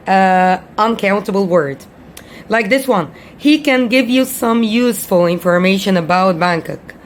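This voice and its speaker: A woman with Arabic as her first language gives a casual English lesson at a middle pitch. She talks slowly, repeats each example and often pauses with fillers. A faint hiss of noise sits behind her voice. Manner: slow, repetitive explaining with many fillers. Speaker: English teacher.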